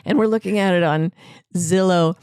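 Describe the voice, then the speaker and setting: A woman co-hosting a podcast, telling comic stories in a casual, animated way with frequent laughter. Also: on the low side, normal speed, clean tone, no room sound. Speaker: podcast co-host. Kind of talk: casual chat.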